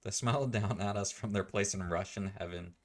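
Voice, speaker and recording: A man's voice: on the low side, a little fast, natural voice. A man doing a pompous funeral speaker. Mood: mock-solemn. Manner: pompous, mock-solemn. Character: solemn mock funeral speaker, pompous male.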